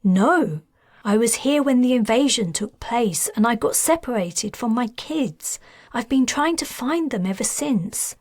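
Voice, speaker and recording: Woman reading a halting, desperate mom looking for her kids, slow, dry sound. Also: a little high, lively intonation, a little mellow, no echo. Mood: anxious. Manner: hesitant, halting. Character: desperate mother searching for her lost children.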